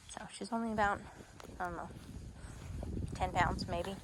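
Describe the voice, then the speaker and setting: A young adult woman who trains dogs explains the training steps to viewers outdoors in a park, against background noise. Her tone is steady and her pace moderate, with long pauses. Now and then she breaks into high-pitched praise for the dog in this instructional video.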